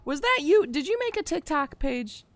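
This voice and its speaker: Rambling, animated woman telling a story. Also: sits high, moderate pace, no room sound. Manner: rambling storytelling, swearing, bursts of loud excitement. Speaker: streamer. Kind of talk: casual chat.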